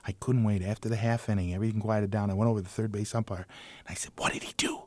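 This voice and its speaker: A man's voice: lowish voice, steady tone, rapid-fire, mellow, no echo. An older man, a retired umpire, telling baseball stories in an interview, acting out the people he quotes with big jumps in his voice and a self-mocking humor. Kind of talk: anecdotal storytelling in an interview.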